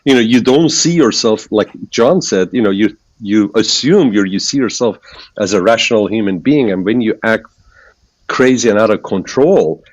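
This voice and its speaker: A man's voice: on the low side, moderate pace, highs cut off. A married man in a casual chat, rambling with many restarts and laughing often.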